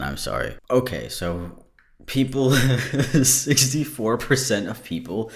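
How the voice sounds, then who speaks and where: A man's voice: on the low side, expressive, moderate pace. A tired man hosting a podcast, chatting casually in a joking, rambling way and swearing freely. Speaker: podcast host.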